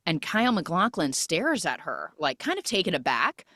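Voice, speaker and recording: A woman recapping a film for a podcast, talking casually and leaning on "like" and "you know." Her voice sits on the low side but moves up and down a lot as she tells the story. The recording is dry and close, with no room sound. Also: very animated, moderate pace, bright, forceful tone, no room sound. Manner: chatty, filler-heavy storytelling that acts out the lines.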